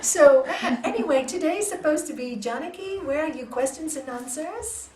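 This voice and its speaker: A woman yoga teacher giving an animated storytelling talk to a group, acting out dialogue and laughing often. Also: high voice, moderate pace, a little hiss or hum. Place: yoga centre room. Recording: echoey room from a distance.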